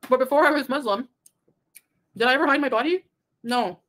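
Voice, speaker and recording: Wry woman co-host, quick with a sarcastic quip, laughs often, higher voice. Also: fairly bright tone. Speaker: livestream co-host. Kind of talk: casual livestream commentary.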